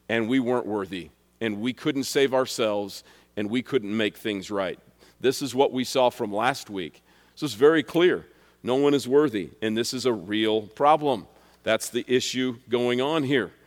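Earnest male preacher in a reverberant hall. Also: mid-range voice. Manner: earnest, emphatic preaching with rhetorical questions. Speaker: pastor. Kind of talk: expository sermon.

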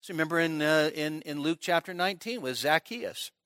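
A male pastor gives a conversational expository sermon at a midweek service. He often pauses to check in with his listeners. His voice sits a little high and sounds bright, and the recording is dry and close. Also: lively intonation, no room sound.

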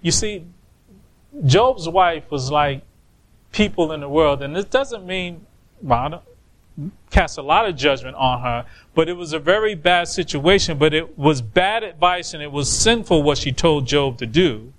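High-voiced, slow-speaking male preacher. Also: lively intonation. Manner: emphatic, with drawn-out stresses. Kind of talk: sermon.

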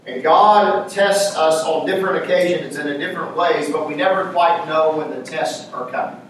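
High-voiced preacher in an echoey church. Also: male voice, normal speed, slight background noise. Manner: repetitive, emphatic preaching with rhetorical questions. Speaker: pastor. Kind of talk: sermon. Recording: echoey church room, mic far off.

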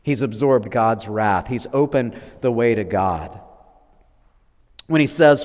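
Man, preacher, sermon, dramatic loud-to-hushed swings, long hall reverb. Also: measured pace. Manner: dramatic swings between loud declarations and hushed low lines.

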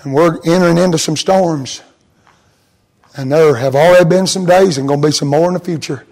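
High-pitched preacher. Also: male voice, brisk, gravelly, rough recording. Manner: swings from soft intimate tones to high chanted preaching. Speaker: pastor. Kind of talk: sermon.

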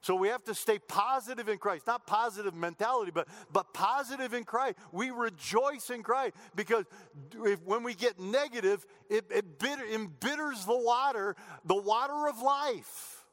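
A middle-aged man preaches from the pulpit of a church sanctuary, earnest and a little repetitive, often doubling back on his words. His voice sits slightly high for a man, and it carries a long reverb from the large hall. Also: normal speed, a bit bright. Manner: earnest preaching with repeated phrases and restarts. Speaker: pastor. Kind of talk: sermon.

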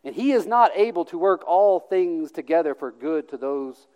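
A man's voice: a little high, expressive, moderate pace, darkish tone, clear, resonant tone. A man preaching in a reverberant hall. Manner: emphatic, with sarcastic mock voices and restarts. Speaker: pastor. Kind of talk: sermon.

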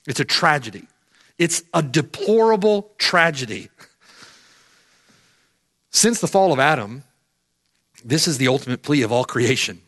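A middle-aged man preaches an emphatic sermon in a high, fairly bright voice. He repeats phrases for weight, and his delivery rises and falls sharply.

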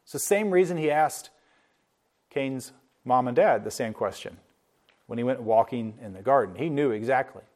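Earnest man preaching at a measured pace. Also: mid-range voice, animated, darkish tone. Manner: earnest, explanatory, slows down to stress key words. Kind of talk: sermon.

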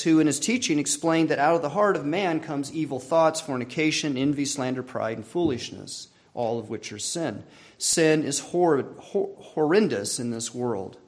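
Earnest man preaching a sermon. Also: a little high. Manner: earnest, measured preaching with rising emphasis and soft trailing ends. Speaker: pastor.

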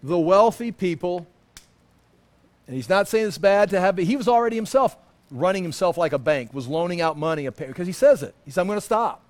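A man's voice: high-pitched, brisk. A man preaching a sermon, teaching through a scripture passage and acting out what people in it say. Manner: animated, acts out quoted lines. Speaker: pastor.

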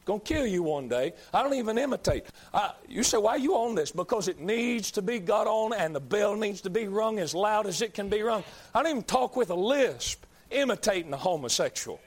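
Man in the pulpit, high-pitched, fiery, repeats himself, builds to shouting. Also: very animated, fairly quick, hardly any pauses. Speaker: preacher. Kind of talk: fiery sermon.

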